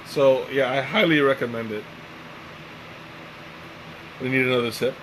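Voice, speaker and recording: A tired, relaxed man hosting a live tea-tasting stream, chatting casually and rambling with lots of fillers and restarts. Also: mid-range voice, unhurried, noisy background. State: tired and mellow. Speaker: tea livestream host.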